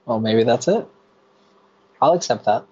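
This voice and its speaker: Very low, husky-voiced woman chatting. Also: lively intonation, measured pace, darkish tone, muffled recording. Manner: laughing, self-deprecating. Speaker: podcast co-host. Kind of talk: casual chat.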